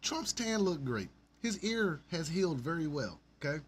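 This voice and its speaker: A man's voice: on the high side, sing-song, moderate pace, a little hiss or hum. Profane, sarcastic male podcast host. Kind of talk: ranting solo commentary.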